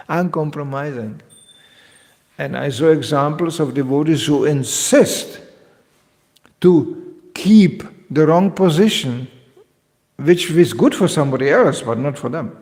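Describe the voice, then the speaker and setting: A man with a gravelly, somewhat high voice gives a devotional lecture. He is lively and joking and often acts out the people he talks about. The sound rings with a long reverb, as in a large hall. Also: unhurried, long pauses. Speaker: spiritual teacher.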